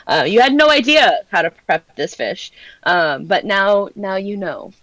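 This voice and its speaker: A woman narrating as game master for a tabletop game, pausing often with ums and restarts. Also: medium pitch, lively intonation, a bit bright, no echo. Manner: hesitant, many ums and restarts.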